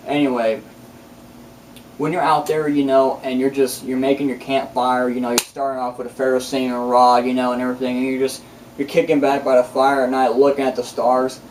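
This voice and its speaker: A man's voice: mid-range voice, flat delivery, moderate pace, slight background noise. A man rambling through a casual vlog monologue, boastful and profane, full of restarts. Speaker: channel host. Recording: distant mic with loud music behind.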